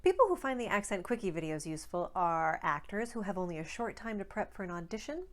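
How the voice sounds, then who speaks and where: A woman speech coach hosting a scripted accent tutorial, enunciating sample words crisply and deliberately. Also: lowish voice, big pitch swings.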